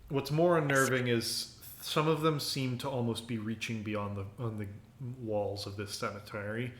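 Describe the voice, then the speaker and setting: A man's voice: medium pitch, fairly even intonation, normal speed, roomy sound, slight background noise. A man narrating as game master for a tabletop game, casual and full of fillers.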